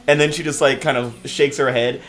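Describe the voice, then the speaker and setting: A man's voice: mid-range voice, steady tone, fairly quick, a bit bright. A man narrating as game master in a loose, casual way, often laughing.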